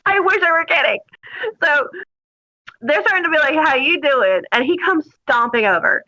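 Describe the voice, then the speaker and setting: A high, bright woman tells her stories with lots of laughter, her pitch swooping freely. The audio is dull and lo-fi. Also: normal speed. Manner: animated, laughing, mimics people in her stories. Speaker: guest. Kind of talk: casual storytelling.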